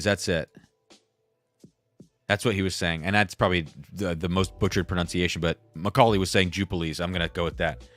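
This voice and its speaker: Man, very low voice, livestream host, rambling casual chat, faint music behind. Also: a bit bright. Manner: rambling, self-deprecating, reads viewer chats aloud.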